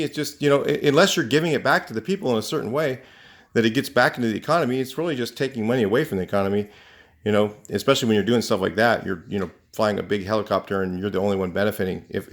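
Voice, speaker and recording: Rambling, indignant man venting. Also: lowish voice. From California. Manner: rambling, indignant, many fillers and restarts. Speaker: vlogger. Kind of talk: casual ranting monologue to camera.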